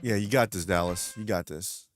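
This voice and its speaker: Excitable New gamer man. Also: low voice, normal speed, faint music behind. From the Bronx, New York. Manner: excitable, swears and exclaims at the game. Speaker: livestream host. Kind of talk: live gameplay commentary.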